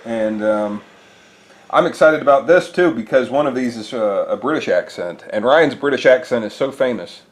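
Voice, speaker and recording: Playful man with a lively voice. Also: medium pitch, normal speed. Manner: playful, teasing. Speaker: podcast co-host. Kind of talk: casual chat.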